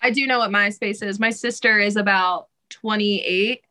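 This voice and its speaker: A woman's voice: medium pitch, fairly even intonation, moderate pace, pushed and bright, rough recording. A young woman, a singer, chatting casually as a podcast guest, laughing often and using casual slang and swearing. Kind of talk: casual interview chat.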